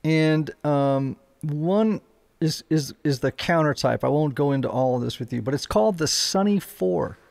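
Gravelly, slightly high-voiced male host. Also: moderate pace, a little mellow. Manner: thoughtful, hedging, explains with restarts. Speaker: podcast host. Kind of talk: conversational podcast interview.

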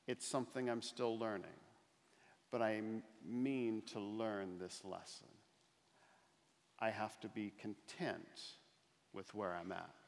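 Middle-aged man giving an inspirational talk in a reverberant hall. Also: medium pitch. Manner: storytelling with slow, emphatic pauses and rising, louder climaxes. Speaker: motivational speaker. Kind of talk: inspirational keynote speech. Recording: long reverb of a large hall.

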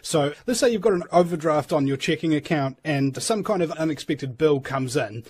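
A man's voice: a little high, expressive, moderate pace, a little mellow, slightly rough. A male host in casual interview chat, joking and explaining things in plain terms.

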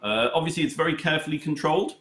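A man being interviewed about his chess charity, telling anecdotes in a halting way with many fillers and a dry humour. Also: fairly high pitch, a bit bright. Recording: roomy echo.

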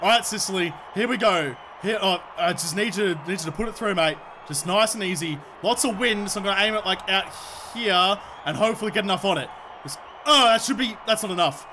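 A young Australian man commentating his own football video game, shouting and cheering at the plays and joking along. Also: sits high, fairly quick, noisy background. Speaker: gaming video creator. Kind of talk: excited gameplay commentary.

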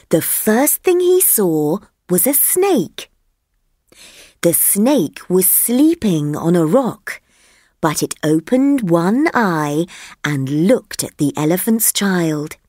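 A woman reads slowly and clearly for language learners, her voice rising and falling in a lively way. The recording is dry and close, with no room sound. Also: on the low side, no room sound. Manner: slow, clear, lively intonation. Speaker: reader of a textbook listening track. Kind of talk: slow scripted reading for learners.

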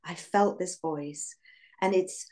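An English woman in her sixties recalls her past in an interview. Her voice sits very low, and she speaks reflectively, pausing on fillers and breaking into soft laughs. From England. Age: 60s. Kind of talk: reminiscing in an interview.

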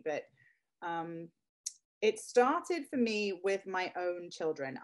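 A woman's voice: fairly low pitch, darkish tone. A woman in her thirties, a guest speaking heartfelt and close to tears about her children. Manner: heartfelt, near tears at times. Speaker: guest, product creator. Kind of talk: emotional interview.

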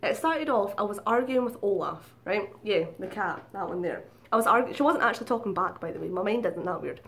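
A woman's voice: mid-range voice, animated, brisk, vocal fry, fairly bright tone. A woman telling a story in a casual vlog, chatty, swearing freely and giggling at herself. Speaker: vlogger.

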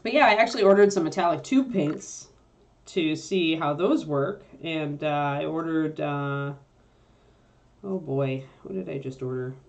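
A woman's voice: low voice, a little slow, darkish tone. A woman casually teaching miniature painting, thinking aloud with fillers as she mixes paints at her workspace. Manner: chatty, thinks aloud with fillers while working.

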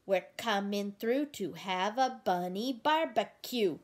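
A woman's voice: medium pitch, animated, slow pace. Woman voicing sly taunting foxes. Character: gang of sly hungry foxes.

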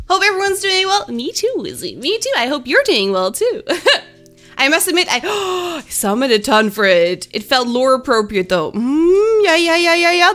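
Bubbly young woman streamer, bright and high, giggly live chat, faint music behind. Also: very animated, normal speed. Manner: bubbly, giggly, chats with viewers.

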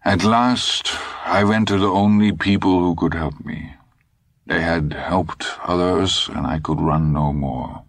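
Older man, cynical fugitive in an audiobook, low and unhurried, dry sneer, done by a male reader. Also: steady tone, creaky, no echo, full character voice. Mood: grim. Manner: dry, sardonic, measured.

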